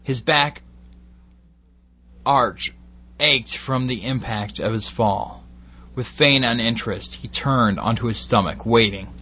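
A man with a Glaswegian accent slowly reading an erotic bedtime story in a measured, intimate way. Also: mid-range voice, sharp tone, slightly rough. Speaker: narrator.

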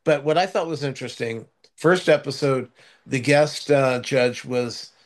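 An older man with a medium-pitched voice speaks at a measured pace as a co-host in casual chat. He tells a long anecdote full of restarts and fillers.

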